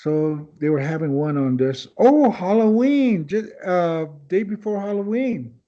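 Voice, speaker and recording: A man's voice: high voice, expressive, unhurried, dark tone. A man guesting on a podcast who tells rambling anecdotes in casual storytelling style, acting out other people's lines as he goes. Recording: dull lo-fi podcast audio.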